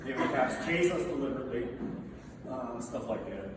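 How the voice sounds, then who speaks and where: A middle-aged man tells stories about a friend to a gathered crowd, his delivery animated and quick to break into laughter. He sounds like he's some way from the mic, and his voice rings through a large, reverberant hall. A steady background noise sits under the speech. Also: medium pitch, far from the mic.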